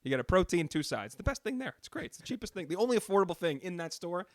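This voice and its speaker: A fast-talking man co-hosting a podcast, exasperated and joking. His voice sits a bit high. The recording is dry and close. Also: sing-song, no echo. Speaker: podcast co-host. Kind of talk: casual chat.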